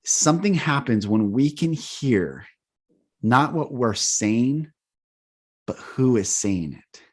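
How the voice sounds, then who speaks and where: A man's voice: mid-range voice, expressive, slow, breathy edge. Emphatic male voice coach. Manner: emphatic, repeats key words in lists. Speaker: host, voice coach. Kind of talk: coaching conversation.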